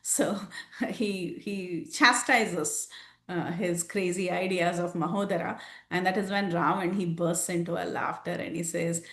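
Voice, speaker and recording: A woman's voice: fairly low pitch, measured pace. Woman storytelling in an echoey room. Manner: animated storytelling with frequent fillers. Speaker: scripture teacher. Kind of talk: storytelling class. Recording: roomy echo.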